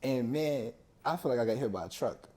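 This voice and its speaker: Mellow-voiced man telling a personal story. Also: mid-range voice, brisk. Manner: relaxed, conversational, acts out both sides of a talk. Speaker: podcast guest. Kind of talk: casual storytelling.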